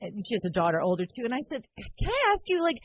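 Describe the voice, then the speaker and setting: A woman's voice: on the high side, rapid-fire, slight background noise. A woman in her thirties co-hosting a casual podcast chat, telling stories and acting out what people said. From United States. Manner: animated storytelling with acted-out quotes. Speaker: podcast co-host.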